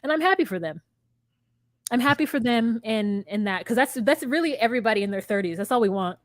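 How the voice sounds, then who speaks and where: A woman's voice: on the high side, lively intonation, brisk, no room sound, studio quality. A woman in her thirties co-hosting a podcast, chatting casually and rambling through a reality show recap with plenty of filler words. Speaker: podcast co-host. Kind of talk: casual chat.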